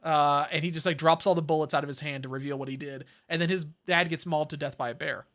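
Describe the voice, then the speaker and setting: Male podcast co-host, rambling recap full of fillers, bright voice. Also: a little high, steady tone, fast talker. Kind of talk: casual chat.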